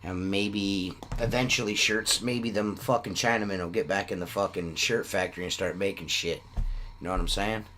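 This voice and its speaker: A man's voice: low-pitched, fairly even intonation, normal speed, pushed and bright, a little hiss or hum. A man hosting a casual podcast, rambling and swearing often, with "you know what I mean" in nearly every sentence. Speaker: podcast host selling shirts.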